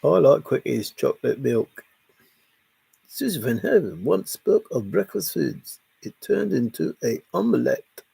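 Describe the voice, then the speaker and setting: A man's voice: mid-range voice, big pitch swings, a little slow, vocal fry, mellow, breathy edge, no echo. A man hosting a casual late-night livestream, reading viewer comments aloud and answering them playfully. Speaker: livestream host.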